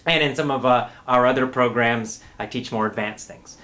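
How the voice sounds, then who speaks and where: A middle-aged man giving a casual spoken lesson, talking in a relaxed way, repeating words and often checking in with "right?". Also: medium pitch, normal speed. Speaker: English teacher.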